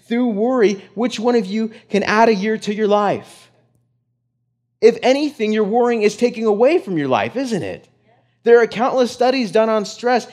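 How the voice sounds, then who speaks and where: High-voiced young male preacher. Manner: animated storytelling, rhetorical questions. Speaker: pastor. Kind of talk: sermon.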